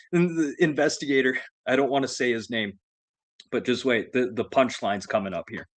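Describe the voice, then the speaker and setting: A man casually telling a profane story, laughing and animated as he retells it. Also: mid-range voice, fairly quick, no echo.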